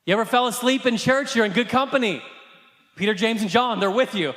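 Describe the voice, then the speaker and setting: High-voiced man preaching in an echoing hall. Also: a little fast. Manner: impassioned preaching with shouted emphasis. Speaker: pastor. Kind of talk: sermon. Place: church service. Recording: echoey hall reverb.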